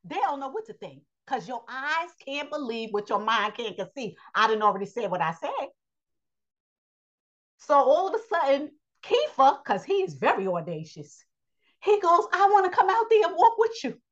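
Lively woman preaching a Bible lesson. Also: high-pitched, moderate pace, highs cut off. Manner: lively preaching, calls listeners "child" and "honey"; Southern-style vernacular, repeats phrases. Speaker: Bible teacher.

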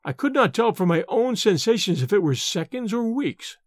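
A man voicing a shaken young male scholar forcing himself to sound calm, in a storybook reading. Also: high voice, moderate pace, dry recording, clean studio sound. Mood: uneasy.

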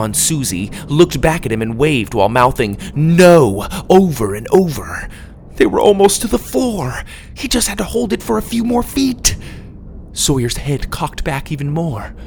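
A man reads a children's story with a lively, swinging pitch, leaning into the action. His voice sits in a middle register, with a faint hiss in the background. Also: normal speed. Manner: expressive read-aloud with lively pitch. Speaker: narrator. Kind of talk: storybook narration.

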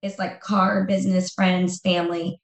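A woman's voice: lowish voice, flat delivery, moderate pace, roomy sound. A woman speaking as an interview guest in a candid conversation, emphatic and repeating phrases for effect.

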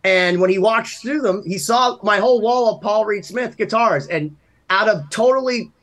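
A man's voice: sits high, moderate pace, fairly bright tone. A man from Massachusetts, a podcast co-host, telling rambling, self-deprecating anecdotes in casual chat. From Massachusetts, USA.

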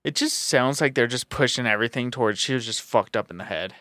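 A young man talks in a relaxed, low-key tone on a casual podcast, his voice at a middle pitch. The sound is dry and close to the mic. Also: fast, no echo. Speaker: podcast co-host.

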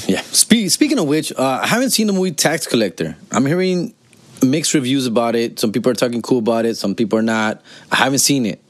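A man's voice: lowish voice, a little hiss or hum. A man from the United States, ranting casually and profanely, tagging "fool" and "dog" onto nearly every line. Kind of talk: casual rant.

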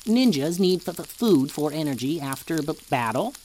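A man's voice: on the high side, animated, moderate pace, a little mellow, a little hiss or hum, pitched above the performer's own voice, lightly acted. A man voicing a helpful male robot who stammers on his words like a glitching machine. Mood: mechanical. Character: stuttering male robot helper, beeping and precise.

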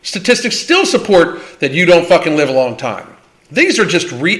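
A man's voice: fairly high pitch, wildly swooping pitch, normal speed, a bit bright. A man hosting a livestream Q&A, talking in a blunt, profane and combative way. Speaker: livestream host. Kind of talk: livestream Q&A rant.

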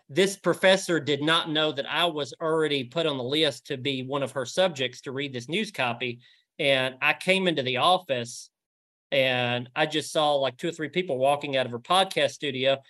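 A man's voice: mid-range voice, a bit bright. A man with a Southern US accent, a reporter talking as a guest in a casual interview, with a lot of restarts and fillers. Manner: stammering, lots of restarts and fillers.

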